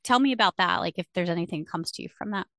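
A woman hosting a podcast, talking in a calm, measured way about spirit and connection. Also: fairly low pitch, no room sound, clean studio sound. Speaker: podcast host. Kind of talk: reflective spiritual conversation.

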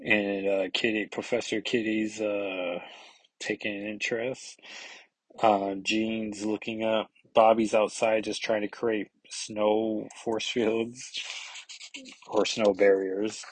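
Brief: laid-back comic reviewer, low-pitched man, husky tone, dry close sound. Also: flat delivery, slow pace, dry recording. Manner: rambling, full of fillers. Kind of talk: casual comic recap.

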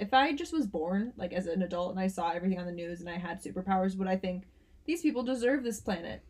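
A woman's voice: medium pitch, quick pace. Chatty laughing woman podcaster. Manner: chatty, laughs often, animated. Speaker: podcast co-host. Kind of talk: casual chat.

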